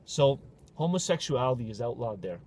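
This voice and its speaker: Animated joking male podcast host. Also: mid-range voice, normal speed, breathy edge. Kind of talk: casual podcast banter.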